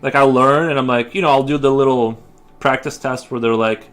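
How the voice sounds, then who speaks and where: With a steady, fairly bright mid-range voice, a man talks fairly quickly during a casual livestream while drawing in his home studio, rambling with frequent fillers and restarts.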